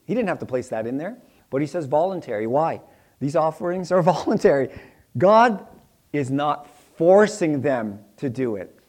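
A man's voice: a little high, expressive, moderate pace, a little mellow. Brief: middle-aged male pastor, casual sermon teaching, jokey, plays out small exchanges in character. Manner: chatty and joking, acts out little dialogues in voices. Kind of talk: conversational Bible teaching sermon.

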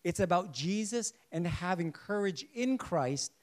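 A man preaching a sermon to a congregation in a lively way, asking them questions and joking along the way. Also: high-pitched, a little slow. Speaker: pastor.

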